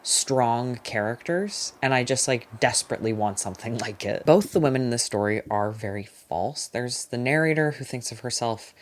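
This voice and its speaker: A young adult with an expressive, mid-range voice talks through a casual book review vlog. They're chatty and opinionated, use lots of "like" fillers, and give quick, emphatic verdicts.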